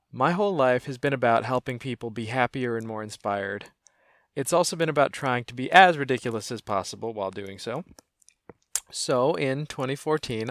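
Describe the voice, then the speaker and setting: A man making a wry, self-mocking crowdfunding pitch, speaking in a deadpan way about his comedy business. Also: no echo, studio quality. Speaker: comedian and small business owner.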